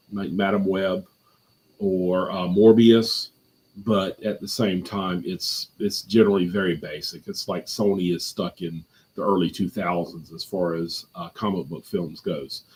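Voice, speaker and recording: A man's voice: low voice, darkish tone, slightly rough. A man chatting casually as a guest on a live movie review stream from home, rambling with lots of fillers and restarts.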